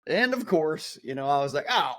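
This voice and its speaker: A middle-aged man co-hosting a podcast, telling a story in casual chat, animated and laughing as he acts out quotes. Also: on the high side, normal speed, no room sound. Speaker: podcast co-host.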